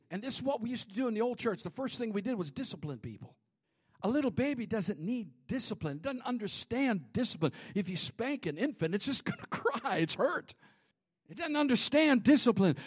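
A man preaching a sermon in a church, dropping to whispers and rising to shouts. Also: sits high, breathy edge. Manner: animated preaching, swings from hushed whispers to shouts. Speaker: pastor. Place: church sanctuary.

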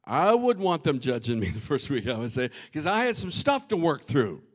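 A man preaching a humorous, animated sermon and addressing the congregation directly. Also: on the high side, normal speed.

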